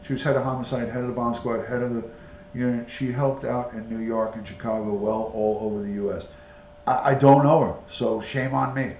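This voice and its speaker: A man's voice: medium pitch, fairly even intonation, a little fast, darkish tone, muffled recording, a little hiss or hum. Chatty man live-streaming, echoey room. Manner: chatty, talks to viewers and coaxes his parrot. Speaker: live-stream host with a parrot. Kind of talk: casual live-stream chat.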